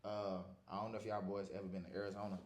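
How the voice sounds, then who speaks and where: A man, a podcast guest telling stories in a relaxed, slangy way. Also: on the low side, racing, roomy sound. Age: 20s. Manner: laid-back, slangy storytelling. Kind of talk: casual podcast chat.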